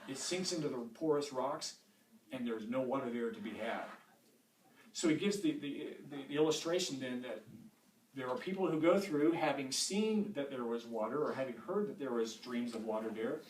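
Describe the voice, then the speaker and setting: A man's voice: mid-range voice, normal speed, slight background noise. A man teaching a Bible study in a church room in a conversational way, often repeating words as he restarts, recorded from a distance in an echoey room.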